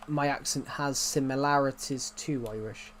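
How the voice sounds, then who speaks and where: Medium in pitch with fairly even intonation and a fairly bright tone, a young man streams a game at normal speed over slight background noise. He rambles along, talking to himself and his chat while playing.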